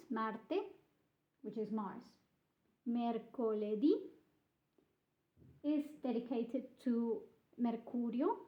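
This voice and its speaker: A woman teaching a beginner language lesson, slowly modelling pronunciation and repeating words for practice. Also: on the high side. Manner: slow, carefully modelled pronunciation with drilled repetition. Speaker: Italian teacher. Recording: echoey, slightly dull room sound.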